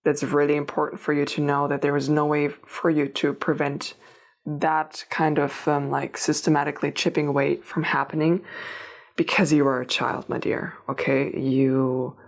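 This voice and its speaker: A woman giving a tarot reading, talking straight to the listener in a meandering way with restarts and gentle reassurance. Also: low voice, level tone, moderate pace, creaky. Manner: meandering, many restarts and fillers, addresses listener directly. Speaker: tarot reader. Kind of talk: unscripted spiritual reading to camera.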